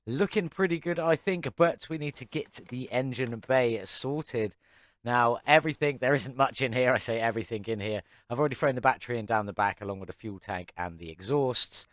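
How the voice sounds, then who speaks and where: A man's voice: medium pitch, a bit bright, dry recording. A male gaming channel host giving chatty, upbeat gameplay commentary from a desk microphone, with self-mocking asides.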